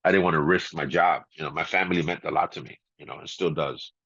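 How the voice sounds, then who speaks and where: A middle-aged man, a guest DJ, telling stories in a casual interview, laid-back and quick to laugh, full of "you know" and "man". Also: rumbling low, fairly even intonation, fairly bright tone, husky, no echo. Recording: slightly dull, muffled audio.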